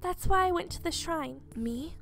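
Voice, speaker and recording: A woman reading a frightened, earnest young game heroine in a high, breathless, anxious way. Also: expressive, moderate pace, creaky, fairly bright tone, exaggerated voice.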